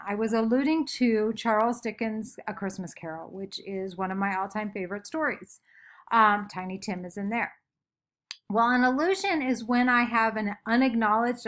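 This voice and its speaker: A woman's voice: fairly high pitch, fairly bright tone. A woman teacher giving a recorded lesson from home, chatty and upbeat, making playful sound effects.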